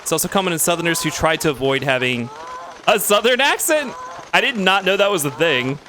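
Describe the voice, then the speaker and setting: Excitable man streaming a game. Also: on the high side, a little fast, a little hiss or hum. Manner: excitable, talks to himself while playing. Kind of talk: casual game commentary.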